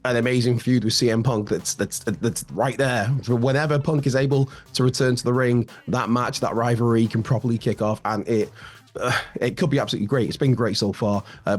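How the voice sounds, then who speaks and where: Slightly raspy man chatting wrestling news. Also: medium pitch, fast talker. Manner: chatty, many fillers and restarts. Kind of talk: casual news commentary.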